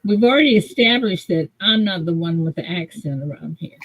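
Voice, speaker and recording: A woman's voice: on the low side, lively intonation, fairly quick, a little hiss or hum, low-quality recording. A woman hosting a casual live show, bantering and laughing easily. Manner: laughing, playfully defensive banter. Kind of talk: casual live-stream chat.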